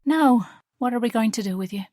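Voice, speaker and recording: A woman's voice: fairly high pitch, fairly quick, darkish tone, no echo, voice pushed up, close to an everyday voice. Female reader as young woman student in love, earnest and pleading, raised voice, dry close audiobook sound.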